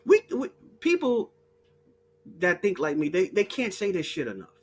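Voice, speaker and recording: Heated, husky-voiced man ranting. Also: high-pitched, huge pitch swings, moderate pace. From United States. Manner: heated and blunt, laughs between points, mocks others in put-on voices. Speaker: online commentator. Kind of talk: unscripted profane rant.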